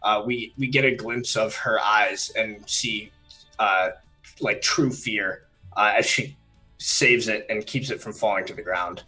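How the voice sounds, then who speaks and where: A man playing a tabletop role-playing game, narrating a scene slowly with many pauses and fillers. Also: lowish voice, steady tone, pushed and bright, faint music behind, rough recording. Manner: halting, many fillers while describing scenes. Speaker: player.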